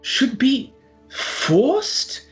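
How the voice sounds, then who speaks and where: A fussy, self-pitying rich merchant, as a man puts him on for a tabletop game, his voice airy and pitched high, swinging all over. He sounds a little muffled, with faint music under him. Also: huge pitch swings, extremely slow, exaggerated voice. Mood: pompous.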